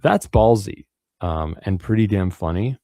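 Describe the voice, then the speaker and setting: A man with a very low voice talks through the news in a loose, rambling way. He swears freely and trips over restarts and fillers. His voice sounds close and dry. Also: expressive, unhurried, mellow, no echo. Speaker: radio show host. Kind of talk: casual news commentary.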